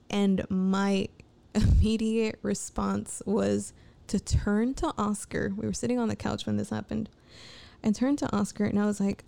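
A woman vlogging in a loose, late-night ramble. Her voice is mellow and dark with a gravelly fry running through it. She talks frankly, swears often and keeps restarting her sentences as she thinks aloud. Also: medium pitch, steady tone, moderate pace. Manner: candid, profane, rambling with frequent restarts.

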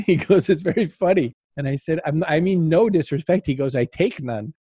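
Animated storytelling man, dry mellow voice. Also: a little high, normal speed, few pauses, slightly rough, dry recording. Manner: animated anecdotes, acts out quotes, laughs often. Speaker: interview guest, author. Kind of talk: casual storytelling in an interview.

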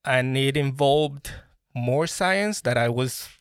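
Animated Colombian-born man telling stories. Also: mid-range voice, slow pace, clear, resonant tone, no echo, clean studio sound. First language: Spanish. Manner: animated, restarts often, bursts into laughing exclamations. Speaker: podcast guest, brand founder. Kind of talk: casual interview storytelling.

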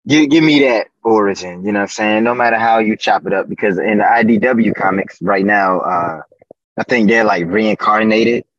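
A man with a lowish voice riffs in a relaxed, slangy way, tagging his points with casual check-ins to the listener. The recording is dry and close, with a dull lo-fi tone. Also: normal speed, no room sound. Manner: laid-back slangy talk, keeps saying "you know what I'm saying". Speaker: podcast guest. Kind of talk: casual fan chat.

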